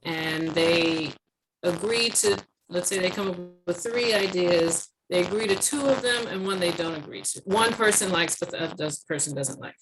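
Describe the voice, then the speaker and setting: A woman's voice: on the low side, normal speed, rough recording. A woman trainee on a video call, asking a question hesitantly and with careful phrasing.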